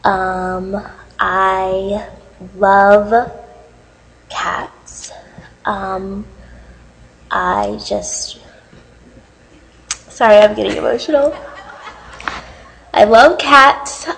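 A woman's voice: medium pitch, very slow, creaky, pauses often, fairly bright tone, low-quality recording. A young woman recording a dating profile video, tearful and overwrought, laughing and crying as she talks. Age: young adult. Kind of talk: comedic dating video monologue.

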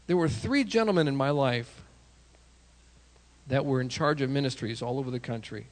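A man, a pastor, preaching an animated sermon with self-deprecating asides and sudden shouted prayers. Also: medium pitch, normal speed.

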